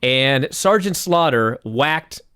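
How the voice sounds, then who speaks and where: Animated sarcastic man telling stories. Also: medium pitch, slow pace, smooth, no echo, clean studio sound. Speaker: podcast co-host. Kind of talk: casual wrestling recap chat.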